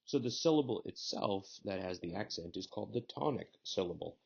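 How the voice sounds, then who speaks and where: A man's voice: low-pitched, expressive, brisk, creaky, a little mellow, breathy edge, dull audio. A man giving a recorded lecture as a Hebrew instructor, explaining grammar rules step by step. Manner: methodical, explanatory teaching.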